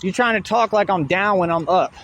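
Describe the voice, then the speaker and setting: A man's voice: high voice, fairly quick, a bit bright, a little hiss or hum. A man ranting at his critics in a combative, profane, repetitive way while hosting his own online show. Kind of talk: ranting monologue.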